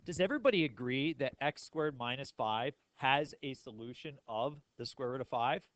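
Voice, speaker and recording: A man's voice: medium pitch, moderate pace, fairly bright tone, no echo, low-quality recording. A male math teacher giving a classroom lecture in a casual, joking way and asking the class questions.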